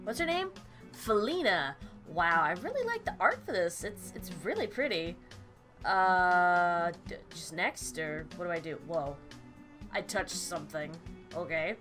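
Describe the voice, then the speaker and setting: A woman hosting a casual let's-play, chatty and giggly, reacting out loud as she reads a visual novel. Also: lowish voice, sing-song, measured pace, soft background music. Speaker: gaming channel host.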